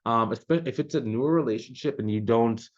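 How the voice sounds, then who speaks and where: A man's voice: mid-range voice, a little fast, dull audio. A man coaching business owners in a loose, conversational way, with many fillers and restarts. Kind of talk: casual advice talk to camera.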